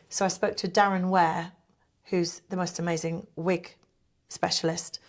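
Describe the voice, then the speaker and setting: A woman's voice: on the low side, moderate pace. Chatty middle-aged woman telling stories. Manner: chatty, animated storyteller who acts out quotes. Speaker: pantomime performer and guest. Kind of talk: casual interview chat.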